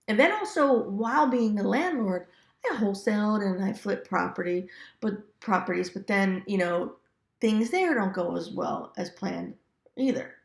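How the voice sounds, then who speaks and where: A woman's voice: mid-range voice, vocal fry, reverberant. A woman telling real estate stories in a casual, chatty way, laughing often and acting out quoted asides. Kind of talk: casual storytelling to camera.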